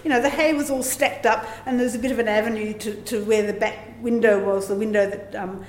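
A woman's voice: fairly high pitch, fairly even intonation, fairly quick, slight background noise. A woman, telling a personal story live in a chatty, rambling way. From Australia. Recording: echoey room with faint ambience.

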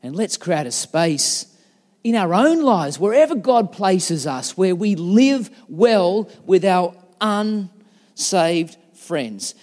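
Middle-aged pastor, conversational preaching, lighter voice ringing in a reverberant church. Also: male voice, sits high, darkish tone. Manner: chatty, self-deprecating storyteller. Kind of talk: sermon.

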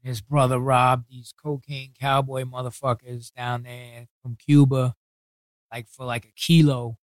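Mid-range and level in tone, this man's voice carries no room sound. He's from New York City, has a New York accent, and appears as a guest in a casual interview telling stories from his past. Expect heavy swearing and blunt street talk, with others' words acted out in rapid retellings.

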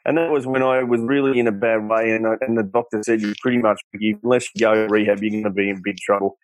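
A man's voice: fairly low pitch, fast, no room sound, low-quality recording. Earnest Australian man telling stories. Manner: earnest, animated storyteller, quotes others in his tales. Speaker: guest. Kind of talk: candid storytelling interview.

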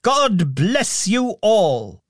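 A man voicing an old miser who is overjoyed and giddy, with high, breathless exclamations. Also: sing-song, a little slow, fairly bright tone, no room sound, clean studio sound, exaggerated voice. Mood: giddy joyful.

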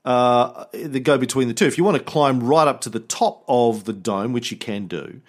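A man's voice: medium pitch, moderate pace. A man hosting a podcast, explaining in casual chat with frequent hesitations and restarts. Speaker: podcast host.

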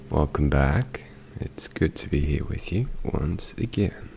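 A man hosting a casual podcast monologue, talking quietly with frequent ums so as not to wake others at home. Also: rumbling low, expressive, slow, vocal fry, over music. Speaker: podcast host. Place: home at night, others sleeping nearby.

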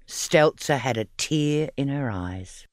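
A man narrating a children's audiobook story in an expressive, playful reading. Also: mid-range voice, takes it slowly, no echo, clean studio sound.

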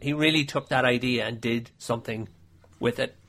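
A man in a casual podcast chat as the guest, enthusiastic and talking in quick bursts. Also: mid-range voice, fairly even intonation, fairly bright tone.

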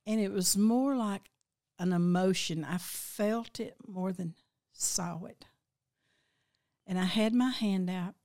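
A woman's voice: fairly low pitch, darkish tone. Older woman, heartfelt and reflective. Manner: heartfelt, slow and reflective, voice breaking with emotion at times. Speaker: guest recounting a dream. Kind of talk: emotional personal storytelling.

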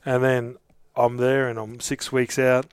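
A man's voice: medium pitch, flat delivery, unhurried, clear, resonant tone, no echo. A middle-aged Australian man, an interview guest, telling long casual anecdotes with lots of restarts. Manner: rambling anecdotes with many restarts. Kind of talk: casual storytelling.

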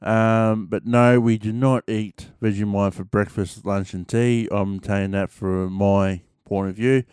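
A man's voice: lowish voice, steady tone, a little slow, few pauses, darkish tone, smooth, dry recording, clean studio sound. A man with an Australian accent chatting casually to his audience, rambling and slangy with plenty of fillers. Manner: rambling, laid-back, slangy with many fillers. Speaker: vlogger. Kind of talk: casual chat to camera.

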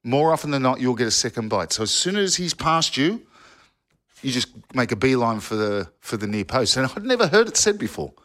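A former footballer telling old yarns in a casual podcast chat, rambling with restarts and asides. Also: male voice, medium pitch, big pitch swings, fairly quick, fairly bright tone. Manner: rambling storyteller with restarts and "you know". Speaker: football pundit, former player.

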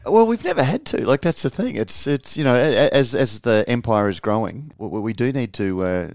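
Smooth-voiced man on a podcast. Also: mid-range voice, animated, fairly quick, a little mellow, no echo, studio quality. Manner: rambling, many ums and uhs, laughs easily. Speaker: founder and editor, podcast co-host. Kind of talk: casual podcast chat.

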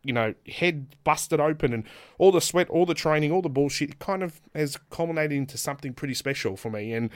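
A man's voice: fairly high pitch, a little fast. A man, a pro wrestler, telling stories on a casual podcast, laughing often and acting out quotes in different voices.

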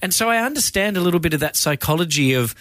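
A man being interviewed as a guest, chatting in a playful, relaxed way and laughing often. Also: on the high side, quick pace, no echo. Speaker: guest filmmaker. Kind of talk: casual interview chat. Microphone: studio mic in a podcast booth.

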